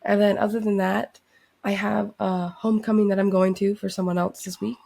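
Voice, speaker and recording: A woman's voice: medium pitch, flat delivery, fairly quick, creaky, mellow. A young woman in her twenties co-hosting a casual chat, sick and losing her voice, talking in a laid-back way. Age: 20s. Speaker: podcast co-host, student.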